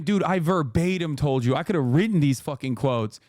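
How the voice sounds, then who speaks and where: A man's voice: on the high side, expressive, normal speed, darkish tone, no echo, studio quality. A man hosting a live stream, reacting to political news with profane, fired-up ranting. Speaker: streamer host.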